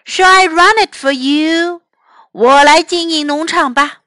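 A woman's voice: very high-pitched, takes it slowly, bright, forceful tone, dry recording, pitched above the performer's own voice, exaggerated voice. A woman voicing an eager young male farmer in a children's story.

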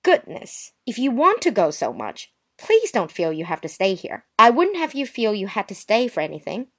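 A woman's voice: medium pitch, huge pitch swings, moderate pace. A woman playing a prim, offended young woman. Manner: sarcastic, wounded politeness. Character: touchy young woman, prim and passive-aggressive. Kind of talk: dramatized short story reading.

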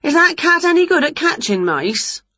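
A woman voicing a jolly female school cook in a picture-book reading, with a bright, chirpy manner. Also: high voice, sing-song, moderate pace, dry recording, muffled recording, pitched above the performer's own voice, heavily acted.

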